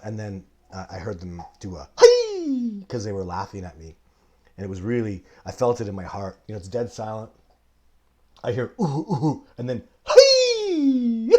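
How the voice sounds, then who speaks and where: A man in his forties with a lowish, warm, husky voice hosts a live show and answers viewer questions. The live-stream talk is casual, emphatic, and rambling, full of tangents, and he coughs now and then.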